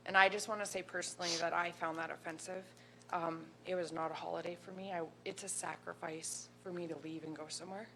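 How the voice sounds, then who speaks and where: Fast, gravelly-voiced woman. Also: on the low side, fairly even intonation, sharp tone, poor audio. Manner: earnest, emotional. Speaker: county councillor. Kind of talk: council meeting statement. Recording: faint hum under the voice.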